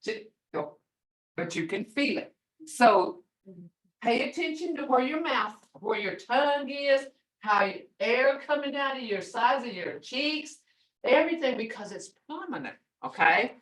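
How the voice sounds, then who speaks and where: An older woman leads a beginner language class over a video call. She speaks slowly and with a lively, rising and falling pitch, repeating each word patiently so the tones come through. Her voice sits a little high. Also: poor audio. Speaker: language teacher.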